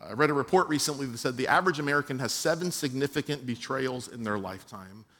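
A man preaching a sermon to his own church as its pastor, telling a personal story and swinging between quiet, soft passages and emphatic ones. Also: medium pitch, expressive, fast.

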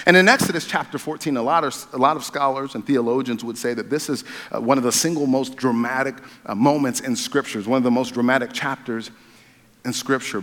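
A man preaching a sermon as pastor, talking conversationally with restarts and growing animated when he retells a story. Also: mid-range voice. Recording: long hall reverb.

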